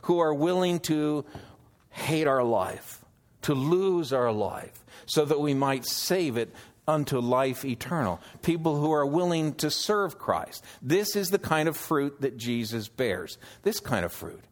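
A man preaching an expository sermon, teaching slowly through scripture and asking the listeners questions. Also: a little high, lively intonation. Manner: slow, measured teaching with scripture quotes; emphatic, questioning delivery.

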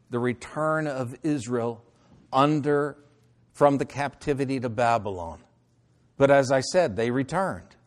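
A man preaching a sermon, reading scripture slowly and deliberately and then explaining it in plain talk, now and then clearing his throat. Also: on the high side. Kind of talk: sermon, Bible teaching.

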